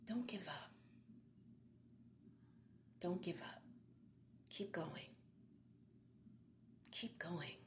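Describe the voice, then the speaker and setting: A woman podcast host, giving an encouraging devotional talk in a soft, half-whispered, earnest voice. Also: lowish voice, animated, extremely slow, pauses often.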